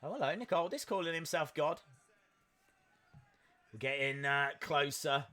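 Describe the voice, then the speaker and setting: Man, high bright voice, unhurried, joking watch-along host who erupts into shouts. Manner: excitable, jokey, bursts into shouts. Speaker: live stream host. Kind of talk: wrestling watch-along commentary.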